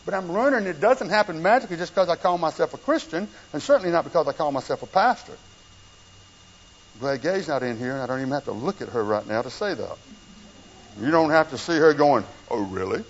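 A male pastor preaching a conversational sermon, swinging between hushed low passages and raised emphatic ones. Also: expressive, fairly quick, slight background noise. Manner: conversational preaching with wide swings in pitch and loudness. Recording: dull lo-fi church recording with faint room sound.

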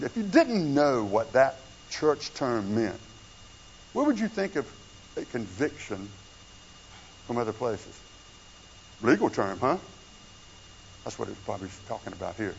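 A male pastor preaching a conversational sermon, swinging between hushed low passages and raised emphatic ones. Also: a little hiss or hum. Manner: conversational preaching with wide swings in pitch and loudness. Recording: dull lo-fi church recording with faint room sound.

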